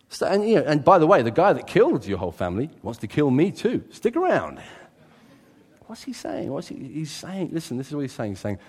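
A man preaching a sermon as a pastor, animated, swinging from loud exclamations to quiet asides. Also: fairly high pitch, a little fast, breathy edge. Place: church. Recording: reverberant church hall.

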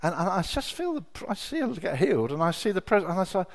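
A middle-aged man preaching a sermon, telling personal stories with emotion, dropping to a hush and then rising to loud exclamations. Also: sits high, sing-song, fast, vocal fry. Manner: emotional, swings from hushed storytelling to loud exclamation.

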